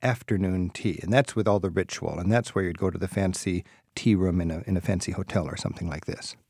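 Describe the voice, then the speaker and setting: A man's voice: deep voice, steady tone, quick pace, darkish tone, breathy edge, no echo, studio quality. A man hosting a radio travel show, asking curious, enthusiastic questions and laughing easily. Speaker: radio host. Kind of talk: radio interview.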